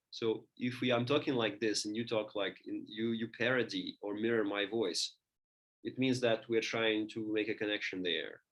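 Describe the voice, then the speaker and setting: Man lecturing, halting and thoughtful. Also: on the low side, a bit bright. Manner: thinking aloud, many restarts and fillers. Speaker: teacher.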